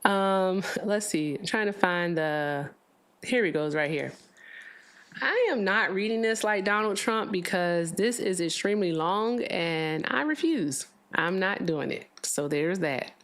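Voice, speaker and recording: A woman's voice: mid-range voice, measured pace, fairly bright tone. A woman hosting a live political call-in stream, chatting casually and tossing in sarcastic asides. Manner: chatty, sarcastic asides while reading aloud. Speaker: livestream political debate host. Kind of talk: casual livestream talk.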